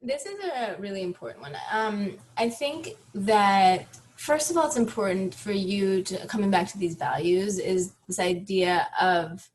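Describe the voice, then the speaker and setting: A woman's voice: mid-range voice, unhurried, few pauses, a little hiss or hum. A woman in her thirties, a therapist and author, talking reflectively and animatedly in a podcast interview, laughing often.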